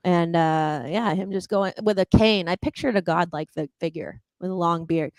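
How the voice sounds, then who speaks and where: A woman's voice: on the low side, normal speed, no echo. A woman co-hosting a casual online chat show, musing aloud, giggling and playing herself down. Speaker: co-host. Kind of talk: casual chat with comic impressions.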